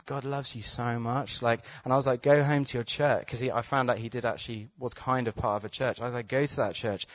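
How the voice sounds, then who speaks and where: A man preaching, telling a healing story with excited laughter, then praying with urgent declarations over the crowd. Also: mid-range voice, dry recording. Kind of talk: testimony storytelling and healing prayer. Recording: dull, slightly muffled sound.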